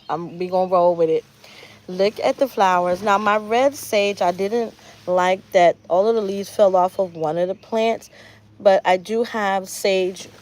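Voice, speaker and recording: Chatty woman touring her garden outdoors. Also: mid-range voice. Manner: chatty and heartfelt, often speaks of prayer and gratitude. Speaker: gardening channel host. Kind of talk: casual live garden tour.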